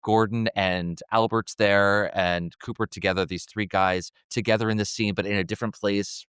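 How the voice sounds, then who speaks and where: A man with a lowish, smooth voice talks excitedly through film scenes in a podcast chat. He laughs now and then and lets his sentences trail off and restart. The recording is close and dry. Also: moderate pace, no echo. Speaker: podcast co-host. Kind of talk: casual film discussion.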